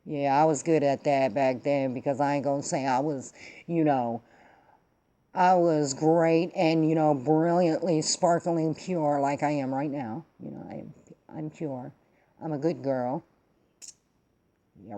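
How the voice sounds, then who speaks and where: Mellow-voiced woman ranting emphatically. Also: sits low, fairly even intonation, measured pace. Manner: emphatic, profane, streetwise slang. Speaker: vlog host. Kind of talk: casual political rant and storytelling.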